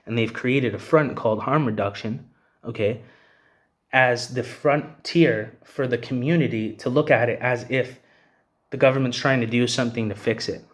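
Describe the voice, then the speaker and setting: A man's voice: medium pitch, moderate pace. An agitated man giving a heated, profane rant, with the filler "you know what I mean" coming up again and again. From Canada. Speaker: vlogger. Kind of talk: angry rant to camera.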